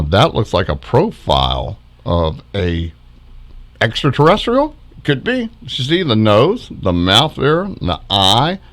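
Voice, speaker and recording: Lively low-voiced man chuckling at orbs. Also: creaky. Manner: chuckling, pointing out faces in orbs. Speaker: backyard ufologist vlogger. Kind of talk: casual narration over footage.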